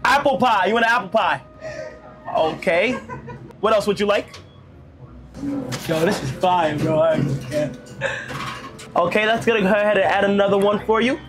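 A man's voice: sits high, normal speed, long pauses, over music. A young man working a drive-thru for a day, greeting customers in an upbeat, playful way. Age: young adult. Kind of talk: casual vlog banter.

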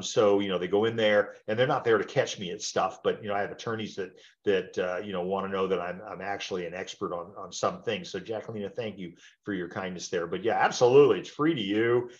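A man in his sixties with a lowish voice presents an informal training webinar, heard through a muffled recording. He talks in a rambling, conversational manner and checks in with listeners using tag questions.

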